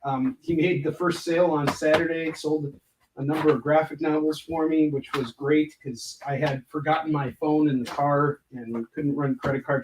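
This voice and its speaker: A comic artist livestreams while prepping for a convention in an indoor room where he packs books, casually rambling and joking with viewers between tasks. His voice is on the high side, recorded from a distance with background noise.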